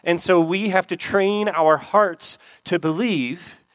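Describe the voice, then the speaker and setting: A man's voice: high voice, fairly bright tone, no room sound. Earnest male pastor preaching. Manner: earnest, repeats key phrases, slows for emphasis. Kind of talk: sermon.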